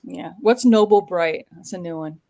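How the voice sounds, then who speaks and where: A woman, a guest author on a panel, talking casually in quick bursts full of "you know" and "like". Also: lowish voice, dark tone.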